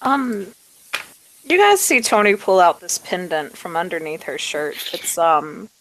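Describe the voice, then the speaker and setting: A woman describes her character's actions in a casual tabletop game, full of hesitant fillers. Her voice is low for a woman, bright and forceful. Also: expressive, a little slow, a little hiss or hum, poor audio. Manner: casual, filler-heavy narration. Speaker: tabletop player. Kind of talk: casual tabletop role-play.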